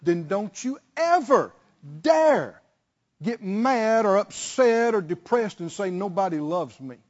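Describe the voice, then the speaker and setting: Male pastor, high and expressive voice, call-and-response preaching, muffled recording. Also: slow. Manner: preaching with call-and-response, swinging from shouts to hushed tones. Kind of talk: sermon.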